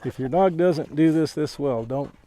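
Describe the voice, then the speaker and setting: A man who trains dogs, explaining a training session in a relaxed way, chuckling often and giving the dog short commands. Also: on the high side, normal speed, a little hiss or hum. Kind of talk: outdoor training demonstration.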